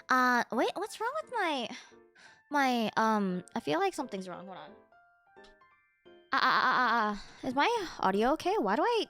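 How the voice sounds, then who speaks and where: Excitable high-voiced woman streamer. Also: normal speed, soft background music. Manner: excitable, swears freely. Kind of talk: casual chat greeting viewers.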